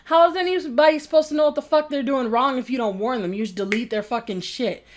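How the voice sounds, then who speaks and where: A woman with a fairly high voice delivers an angry vlog rant. She swears constantly and sounds exasperated, mocking the people she is criticising. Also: fast talker, a little hiss or hum. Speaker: game reviewer vlogger.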